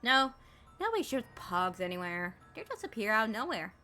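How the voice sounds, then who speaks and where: A woman streamer reads a game's text aloud as she plays, joking about it and mocking it in an animated way. Her mid-range voice moves a little fast over faint music.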